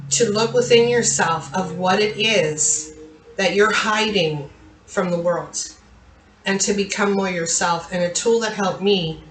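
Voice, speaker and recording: A woman's voice: mid-range voice, fairly bright tone. A woman host speaking candidly to her listeners, telling a personal story in a confiding way with frequent fillers. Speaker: therapist and channel host. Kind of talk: personal talk to camera. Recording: roomy echo with faint ambience.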